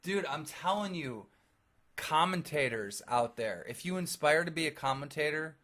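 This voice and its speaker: A man's voice: a little high, moderate pace. A man co-hosting a casual podcast chat, talking bluntly with lots of swearing. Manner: profane, blunt, animated storytelling. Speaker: podcast co-host.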